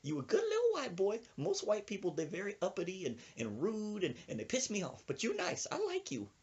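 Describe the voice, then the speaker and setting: A feisty old woman with a shrill, piercing falsetto that swoops up into shrieks, as a male storyteller puts her on. She is hot-tempered and drags out her threats. The audio is dull and lo-fi, like a home podcast recording. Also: huge pitch swings, a little fast, darkish tone, husky, full character voice. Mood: scolding.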